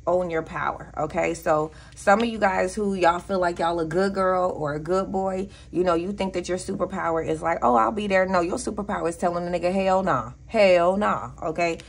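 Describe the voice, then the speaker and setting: A woman's voice: fairly low pitch, steady tone, a little fast, few pauses. A woman with a Southern US accent giving a casual tarot reading, blunt and profane, with preachy asides. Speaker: tarot reader.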